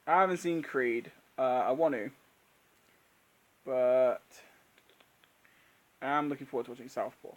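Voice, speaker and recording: A man's voice: medium pitch, unhurried, pauses often, lo-fi sound. A man hosting a live Q&A stream, chatting casually and laughing often as he answers viewers.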